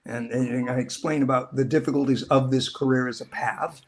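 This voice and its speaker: A middle-aged actor telling stories in a casual interview, rambling and acting out quoted lines in different voices. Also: male voice, medium pitch, normal speed. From Southern California. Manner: rambling, animated, acts out quotes. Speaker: actor guest.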